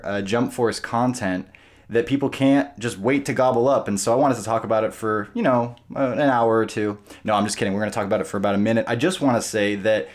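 A man hosting a gaming podcast, talking casually with rambling, animated energy. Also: on the low side. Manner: rambling, animated, restarts often. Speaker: podcast host.

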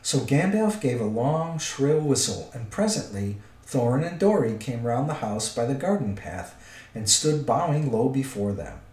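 A man narrating a storybook aloud with an expressive, lively delivery, in a roomy recording. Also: medium pitch, moderate pace, far from the mic. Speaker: audiobook reader. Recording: roomy echo.

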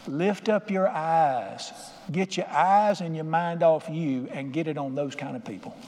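A man's voice: fairly high pitch, measured pace, darkish tone. An older man preaching a sermon as pastor, folksy and conversational, acting out quotes in plain voices. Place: church sanctuary. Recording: reverberant hall with faint ambience.

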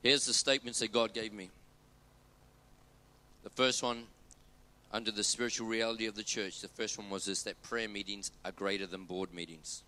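A man preaching a sermon as pastor, emphatic, repeating key phrases and dropping low and quiet on his main points. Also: fairly even intonation, normal speed, pauses often.

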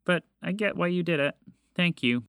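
A small storybook mouse, fussy yet grateful, as a man puts him on. His voice comes across slow and dry, with no room sound. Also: high voice, lively intonation, creaky, a bit bright, smooth, no echo, voice pushed up, full character voice.

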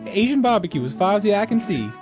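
A man's voice: high-pitched, big pitch swings, quick pace, over music, pitched above the performer's own voice. A man doing a drawling old Southern hick. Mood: scolding. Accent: American Southern (put on). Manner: drawling, cackling, over-the-top. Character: folksy old Southern small-town man, gruff.

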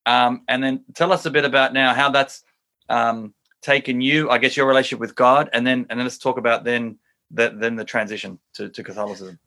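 Male host, bright forceful tone, hesitant questions. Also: medium pitch, steady tone, brisk. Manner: hesitant, with many fillers and restarts. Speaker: interview host. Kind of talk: interview questions.

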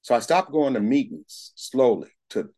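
A man's voice: mid-range voice, big pitch swings, normal speed, mellow, slightly rough. A middle-aged man giving a candid, plain-spoken personal testimony at a recovery meeting, with casual swearing. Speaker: speaker sharing his recovery story.

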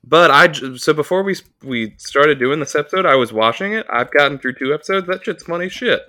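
Lively, bright-voiced joking man. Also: fairly high pitch, fairly quick. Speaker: podcast host. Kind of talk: casual chat.

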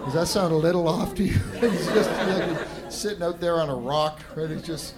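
A man's voice: fairly high pitch, fairly even intonation, moderate pace, a loud crowd, very noisy. A middle-aged Canadian man doing a stand-up set, rambling and self-deprecating, tagging lines with "right?". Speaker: stand-up comedian. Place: live comedy venue with audience laughter.

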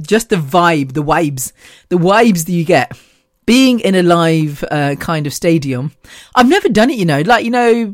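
A woman hosts a casual podcast, gushing and chatty, with lots of laughter running through her talk. Her voice sits fairly low for a woman. The sound is dry and close, with no room around it. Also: dry recording. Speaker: podcast host. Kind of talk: casual monologue.

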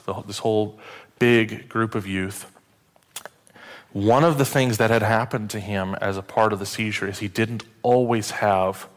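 Male pastor, lowish voice, casual sermon delivery, hushes for emotional beats. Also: long reverb tail. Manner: conversational, self-deprecating, drops to hushed tones for emotional story moments.

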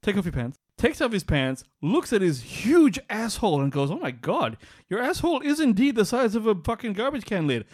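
A man co-hosting a podcast, telling crude jokes in casual banter and laughing loudly and often. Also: sits high, very animated, a little fast, few pauses, no echo, clean studio sound. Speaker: podcast co-host.

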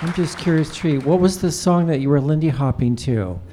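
High-voiced curious man asking questions. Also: moderate pace, crowd noise, noisy background. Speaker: audience questioner.

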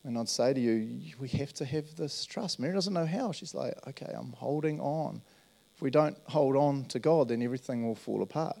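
A man's voice: mid-range voice, brisk, gravelly, hardly any pauses, warm tone. A man, preaching a casual, earnest sermon and often checking in with his listeners. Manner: earnest, storytelling, checks in with "right?". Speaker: pastor. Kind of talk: conversational sermon.

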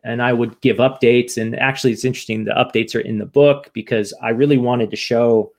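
This guest, an author from the United States, holds a frank, emotional interview conversation in which he sometimes swears and often restarts his thoughts. He talks a little fast in a steady, medium-pitched voice.

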